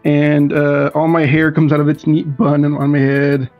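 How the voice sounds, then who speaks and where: A man in an online tabletop game narrates his character's moves in a relaxed way, full of fillers. His audio comes through dull and lo-fi, with faint music behind it. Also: a little high, normal speed. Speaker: player. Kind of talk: tabletop role-play, describing his character.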